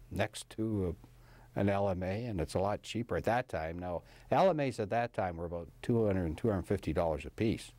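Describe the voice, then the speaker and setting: A man's voice: on the low side, dark tone, dry recording. An older man, a professor of anesthesiology, recalling his work in a rambling, hesitant interview style with many fillers. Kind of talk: casual interview recollection.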